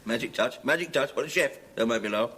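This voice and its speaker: An actor playing a coarse, grumbling restaurant waiter who talks bluntly and rudely. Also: male voice, medium pitch, fast talker, pushed and bright, close to an everyday voice. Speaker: comedy sketch actor. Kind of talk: scripted sketch comedy. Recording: hissy TV recording, audience laughter.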